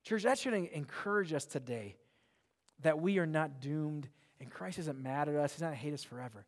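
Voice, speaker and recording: A man's voice: a little high, normal speed. A man pastor preaching a sermon in a church, earnest and emphatic, often repeating words as he presses a point. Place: church sanctuary. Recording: long reverb of a large hall.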